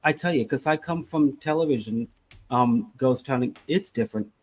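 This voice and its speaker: A man's voice: mid-range voice, normal speed, poor audio. A man co-hosting a casual podcast who rambles and acts out little scenes as he talks. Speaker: podcast co-host.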